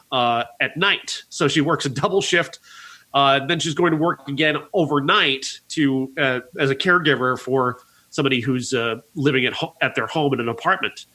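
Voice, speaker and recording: Man, podcast film critic, bright tone, earnest, rambling plot summary. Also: medium pitch. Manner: earnest, recounts plots at length with many uh fillers. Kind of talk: casual podcast movie review.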